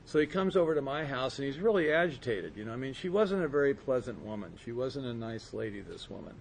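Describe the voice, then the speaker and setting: A man giving a personal recovery testimony to a group, earnest and storytelling, slowing and softening at quiet moments. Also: medium pitch, big pitch swings, creaky, a little hiss or hum. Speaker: speaker sharing his recovery story.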